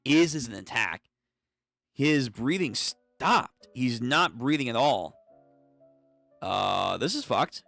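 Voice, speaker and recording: Animated young man reading a comic aloud. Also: medium pitch, slow, creaky, long pauses, soft background music. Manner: animated, swears casually, jumps between characters' voices. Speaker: streamer reading manga. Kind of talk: live comic read-through, reading all the parts.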